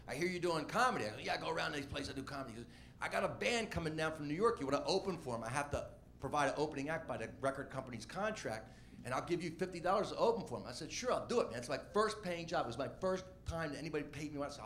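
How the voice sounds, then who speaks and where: A comedian telling a rambling, animated story about his early stand-up gigs. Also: mid-range voice, a little hiss or hum. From Washington D.C. area. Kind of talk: storytelling interview.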